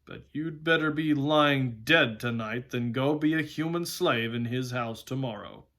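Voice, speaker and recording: A man's voice: medium pitch, a little slow, fairly bright tone. A man voicing a proud, stern talking male war horse in a storybook read-aloud, lofty and scornful of humans.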